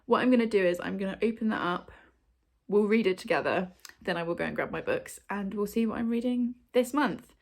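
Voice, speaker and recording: A woman's voice: mid-range voice, brisk, creaky, a little mellow. A woman, hosting a book video and chatting to camera at home in front of her shelves. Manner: chatty, bubbly, many ums and likes. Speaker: booktube host. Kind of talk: casual chat to camera.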